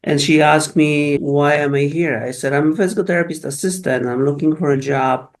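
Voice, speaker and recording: A man's voice: a little high, fairly even intonation, fairly quick. A middle-aged man with a Polish accent, a physical therapist telling his life story in an interview, often restarting and repeating words as he recalls events. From Poland.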